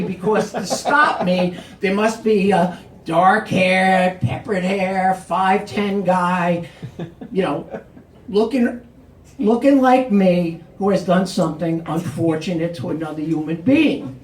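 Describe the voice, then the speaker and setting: A man's voice: high voice, slow, slight background noise. New man telling a story live. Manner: animated, acts out the cops' lines. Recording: roomy, distant mic.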